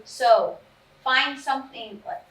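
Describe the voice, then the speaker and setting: A high, bright woman, animated trainer. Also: slow pace. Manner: animated and chatty, acting out quotes. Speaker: behavior trainer leading a parent session. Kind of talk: casual coaching talk. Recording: echoey room, mic at a distance.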